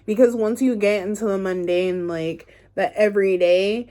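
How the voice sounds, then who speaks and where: A woman's voice: medium pitch, steady tone, moderate pace, mellow. A woman giving a casual pick-a-card tarot reading to her viewers, rambling and chatty with lots of ums and likes. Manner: chatty, rambling, filler-heavy. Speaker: tarot reader.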